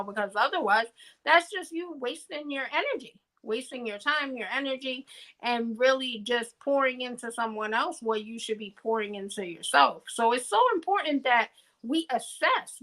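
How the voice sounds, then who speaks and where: A woman's voice: high voice, sharp tone, rough recording. A woman co-hosting a podcast in casual reflective chat, earnest and musing, often asking "you know what I mean?" and laughing easily between points. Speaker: podcast co-host.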